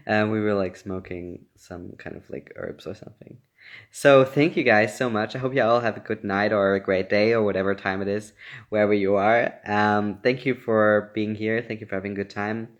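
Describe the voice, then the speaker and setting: A man's voice: on the low side, steady tone, moderate pace, highs cut off. A young man chatting casually on a livestream, reading fan comments aloud and laughing often. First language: German. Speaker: actor answering fan questions.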